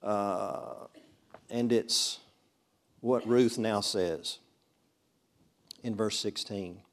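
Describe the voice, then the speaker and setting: A man's voice: lowish voice, fairly even intonation, extremely slow. A man from Mississippi, teaching a Bible study in a classroom in a chatty, conversational way and often putting questions to his class. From Mississippi, USA. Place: classroom with a board.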